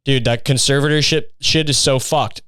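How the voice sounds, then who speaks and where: Profane ranting young man, smooth and dry. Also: mid-range voice, fairly even intonation, moderate pace, fairly bright tone, dry recording. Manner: profane, sarcastic, rambling. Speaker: podcast host. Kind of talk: comedic podcast rant.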